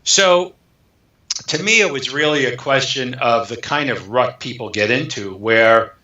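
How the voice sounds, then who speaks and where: A man, an author guest in an interview, telling a story in an animated way and acting out the dialogue. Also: medium pitch, a little slow. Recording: echoey, dull lo-fi sound.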